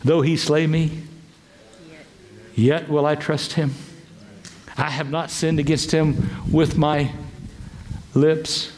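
A man voicing Job as a suffering but steadfast older man speaking low and deliberately. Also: little pitch movement, darkish tone. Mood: solemn.

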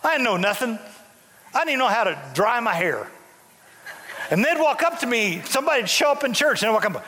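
An older man in his sixties preaches in a church, his voice high and bright with big swings in pitch. He talks in bursts, restarting his sentences as he builds. A long reverb from the hall trails each phrase. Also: a little fast, long pauses. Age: 60s. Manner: animated preaching with repeated restarts. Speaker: pastor. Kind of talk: sermon. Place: church sanctuary.

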